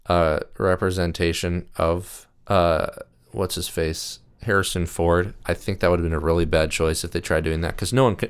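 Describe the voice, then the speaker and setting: Deep-voiced young man rambling about movies. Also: clear, resonant tone. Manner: rambling, enthusiastic, many "uh"s. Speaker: video host. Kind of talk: casual monologue reviewing films.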